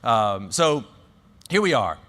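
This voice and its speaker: A man's voice: mid-range voice, very animated, slow pace, fairly bright tone, in a large hall. A man with a Southern US accent telling a story as a conference speaker, with many fillers and restarts. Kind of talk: conference talk.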